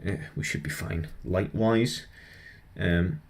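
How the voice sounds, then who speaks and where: A young man with a notably deep, low voice chats to his viewers while he builds a model. He rambles from one thought to the next in an easygoing, self-deprecating way. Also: slow pace, vocal fry. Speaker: vlogger building a model kit. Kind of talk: casual chat while building.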